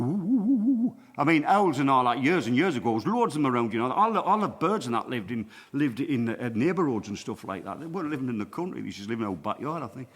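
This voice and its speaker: A man's voice: medium pitch, a bit bright, big-room sound. A man in his sixties with a Sunderland accent, a folk singer chatting in jokey broad dialect between songs at a small livestreamed venue. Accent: Sunderland (Mackem). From Sunderland, England. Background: acoustic guitar.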